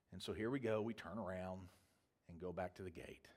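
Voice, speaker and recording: A man's voice: sits low, fairly quick, darkish tone. A man preaching a sermon as a pastor, telling a long, humorous travel story in a rambling, self-correcting way.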